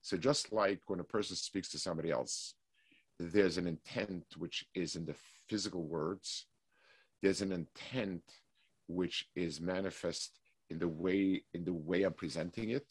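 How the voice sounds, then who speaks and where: This is a man with a low voice giving a weekly Torah lecture. He explains at a measured pace, stopping to restart his thoughts, then reads Hebrew passages quickly. The recording is dry and close, with no room echo. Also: fairly even intonation, husky. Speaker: Torah class teacher.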